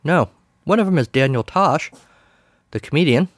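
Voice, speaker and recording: A man's voice: fairly high pitch, animated, normal speed, no echo, clean studio sound. A man hosting a podcast, talking casually in a wry, sarcastic way. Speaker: podcast host. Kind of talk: casual solo commentary.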